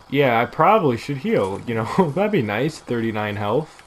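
A man commentating on his own gameplay in a casual, excitable, goofy way. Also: medium pitch. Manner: excitable and goofy, with quick bursts of exclamations. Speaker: gaming video host.

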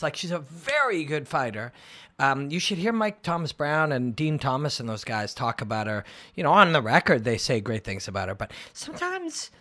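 Man, livestream host, casual chat, rambling, lots of ums, lively pitch, bright tone. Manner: excitable, rambling, lots of fillers. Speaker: MMA analyst and show host. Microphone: phone and computer livestream.

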